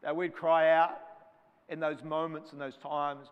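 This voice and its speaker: A male pastor delivers a sermon with a fervent, driving cadence and returns again and again to repeated refrains. His voice sits fairly high for a man. It rings out with a long hall reverb behind every phrase. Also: flat delivery, a little slow, clean tone, muffled recording.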